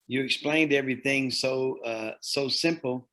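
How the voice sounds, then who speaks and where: A man's voice: medium pitch, a little slow, a bit bright. A man hosting an online meeting, thanking speakers and calling on participants. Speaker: meeting host.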